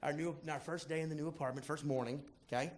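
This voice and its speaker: A man doing stand-up, telling a profane story in a playful, animated way to a live audience. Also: on the high side, fast talker, slight background noise. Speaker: stand-up comedian. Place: comedy stage before a live audience. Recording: live crowd laughter.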